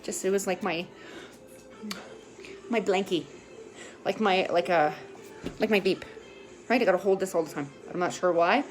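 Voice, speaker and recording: A woman's voice: on the low side, normal speed, long pauses, soft background music. A woman talking candidly in a casual rambling monologue, full of fillers and restarts, with occasional swearing and a tearful edge. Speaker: vlogger sharing her recovery.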